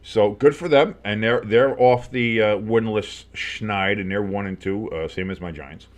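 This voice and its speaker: A man's voice: fairly low pitch, a little slow. Rambling male sports-fan commentator. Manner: rambling, many fillers, jumps up on big plays. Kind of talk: casual play-by-play with reactions.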